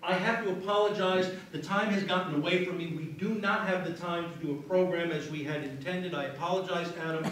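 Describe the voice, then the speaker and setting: Stage hypnotist, male, higher voice, soothing patter, taped far from the stage in a reverberant venue. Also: fairly even intonation, fairly bright tone, a little hiss or hum. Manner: slow soothing suggestions, then apologetic banter. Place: live venue with audience. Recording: echoey room, taped from afar.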